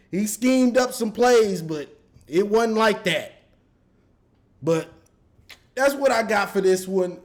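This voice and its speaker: A man giving an exasperated, repetitive rant as a sports fan commentator, breaking into laughter now and then. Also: sits high.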